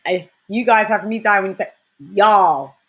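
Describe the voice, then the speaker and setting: A woman chats loosely with her viewers in a stream. She talks in slang, boasting and trading jabs in animated banter. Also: mid-range voice, brisk. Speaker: host; grime and dancehall artist. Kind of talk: casual livestream chat.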